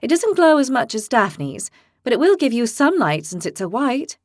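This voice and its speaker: A woman's voice: fairly high pitch, very animated, moderate pace, no room sound, studio quality, voice pushed up. A woman voicing a hot-tempered young horned woman who speaks bluntly and sarcastically. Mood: brisk.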